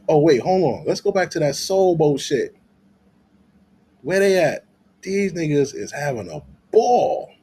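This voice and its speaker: A man's voice: fairly high pitch, animated, a little slow, dark tone, breathy edge. A man giving loose, profane commentary in a vlog, laughing often as he rants. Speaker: vlogger.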